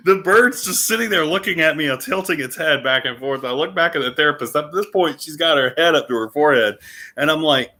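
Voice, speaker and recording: A man casually telling a personal story to the camera as a vlogger, animated and full of fillers. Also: a little high, normal speed.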